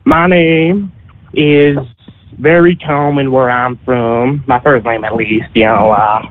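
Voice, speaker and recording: A male caller from Montana who talks in a halting, hesitant way. His mid-pitched voice comes through a tinny phone line that sounds dry and close. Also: fairly even intonation, dry recording.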